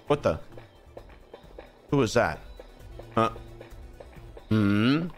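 A young man commentates on his live game stream, rambling from one thought to the next. His voice leaps up and down as he reacts with excitable, jokey energy. Soft music plays underneath. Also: medium pitch, a little slow, pauses often.

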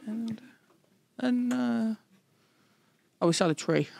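A woman's voice: fairly high pitch, lively intonation, slow pace, gravelly, dark tone. Chatty laughing New woman. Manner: chatty storyteller, laughs often, curses. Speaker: podcast co-host. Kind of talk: casual chat.

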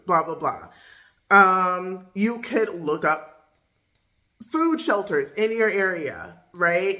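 A woman's voice: on the low side, sharp tone. A woman life coach giving casual, chatty advice with lots of fillers. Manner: loose, filler-heavy, chatty.

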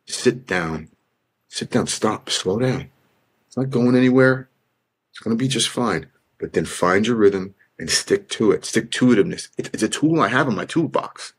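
A man's voice: medium pitch, animated, moderate pace, breathy edge. A man who is an actor, talking earnestly in an interview and repeating phrases like a pep talk to himself. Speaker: actor, podcast guest.

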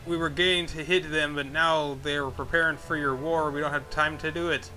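Man reading boastful thief guild boss, game dialogue, stumbles over words, brightish voice. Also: on the high side, steady tone, moderate pace, soft background music. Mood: scheming. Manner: stumbles over his words, old-fashioned sayings. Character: boastful male thieves' guild leader, bumbling.

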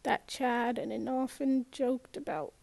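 A woman reading a first-person novel aloud in a measured way, with small restarts and slips. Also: fairly high pitch, steady tone, creaky, darkish tone, dry recording. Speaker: audiobook narrator.

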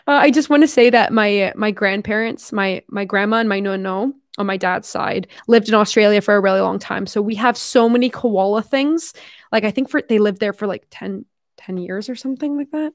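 A woman's voice: mid-range voice, moderate pace, no room sound, clean studio sound. A young Canadian woman in her twenties vlogging casually, chatty and giggly as she reads fan mail aloud. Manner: chatty, giggly, swears casually, drifts into a mock Australian accent when reading. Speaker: YouTuber. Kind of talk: casual vlog, reading fan letters aloud.

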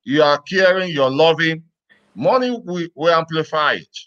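A man hosts a casual interview, jovial and teasing. His voice sits a bit high for a man and comes through dull and lo-fi, with the top end muffled. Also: lively intonation, a little slow, a bit bright. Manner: jovial, teasing, laughs along. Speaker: host.

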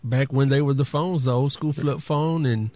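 A man's voice: mid-range voice, moderate pace, a little mellow, dry recording. A man bantering on a tech radio show, playful and laughing easily. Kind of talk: casual studio banter.

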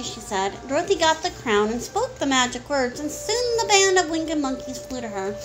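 A woman reading a picture book aloud to a child in a calm, clear storytelling manner. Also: high voice, normal speed, hardly any pauses, low-quality recording. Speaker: storybook reader.

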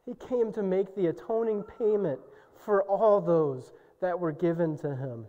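Impassioned male preacher in a reverberant church. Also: unhurried. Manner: impassioned preaching, soaring to shouts and dropping low. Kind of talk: sermon. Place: church sanctuary. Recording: dull recording with long church reverb.

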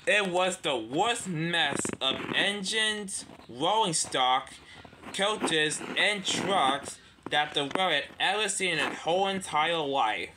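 A man narrating a homemade toy-train story in a rambling, halting way. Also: a little high, lively intonation, noisy background.

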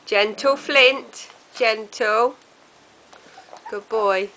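A woman's voice: a little high, extremely slow, pushed and bright. A woman talking baby talk to puppies, sing-song, cooing and laughing, on a noisy home video. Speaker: pet owner.

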